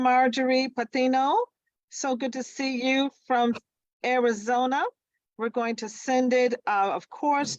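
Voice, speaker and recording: A woman hosting an online women's gathering, welcoming guests and introducing the theme in a warm, unhurried way. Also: mid-range voice, no room sound. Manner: welcoming, unhurried, slightly halting. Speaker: host.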